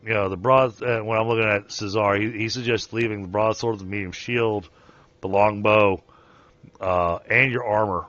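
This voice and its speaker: Game master, male, deep-ish voice, halting delivery, dry dull lo-fi mic. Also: fairly even intonation, a bit bright, no room sound. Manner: halting, filler-heavy narration. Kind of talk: narrating a tabletop game.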